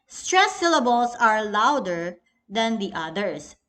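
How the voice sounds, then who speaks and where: A Filipino-accented woman teaching a recorded English lesson, calling the class "everyone" as she goes. She speaks slowly and patiently. Her voice sits fairly high. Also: sing-song, a bit bright.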